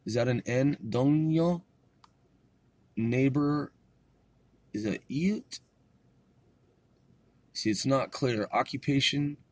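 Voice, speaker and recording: A man reviewing his language study notes out loud, casual and profane, often halting to puzzle over words and spell them out. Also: medium pitch, no room sound. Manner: profane, thinking aloud, halting.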